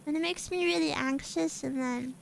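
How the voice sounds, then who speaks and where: A woman's voice: sits high, moderate pace, vocal fry, slight background noise, poor audio. A woman streamer chatting casually with her viewers while playing a game, bubbly and giggly. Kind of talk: casual chat while gaming.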